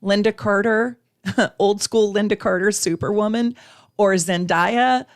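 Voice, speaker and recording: A woman's voice: medium pitch, fairly even intonation, a little slow, dry recording, clean studio sound. A woman astrologer chatting effusively on a live stream, laughing often as she gives chart readings. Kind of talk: live-stream casual chat.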